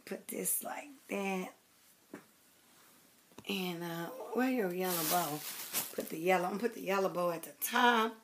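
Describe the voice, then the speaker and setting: A doll-collecting vlogger chats to the camera, rambling affectionately to her viewers as her thoughts wander. She talks briskly, often dropping into soft, low murmurs while handling what she holds, and there's a slight hiss or hum.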